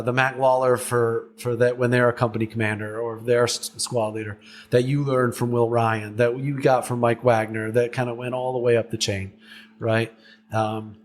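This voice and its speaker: A man hosting a podcast in casual interview talk, rambling and restarting his sentences often. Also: mid-range voice. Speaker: podcast host.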